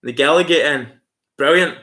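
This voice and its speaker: Scottish male streamer, bright and forward tone, easygoing chat with his viewers. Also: fairly high pitch, moderate pace. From Scotland. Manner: friendly and chatty, calls viewers mate, laughs often. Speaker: livestream host. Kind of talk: casual chat reading out viewer comments.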